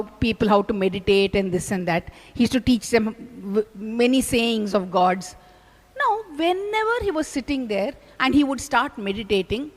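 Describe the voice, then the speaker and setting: A woman giving a storytelling spiritual discourse, animated and asking the audience questions. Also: on the high side. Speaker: spiritual speaker. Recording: long hall reverb.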